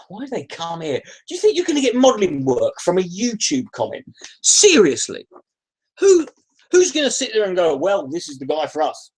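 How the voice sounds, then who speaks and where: This man's voice is high-pitched with a breathy edge as he rants to his live stream chat. The YouTuber is irritable and profane in a casual way, sighing and frequently cutting himself off to start sentences over.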